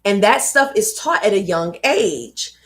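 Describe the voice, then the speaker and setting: A woman's voice: medium pitch, expressive, a little slow, a bit bright. Woman, young adult, live book reading, casual emphatic commentary. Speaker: host reading books aloud. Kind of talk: live read-aloud with commentary.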